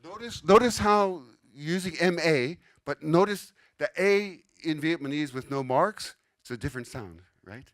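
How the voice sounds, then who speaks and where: A man's voice: a little high, lively intonation, measured pace, few pauses. An older man giving a casual, explanatory lecture to a live audience in a conference room, often checking in with "okay?". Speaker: conference speaker.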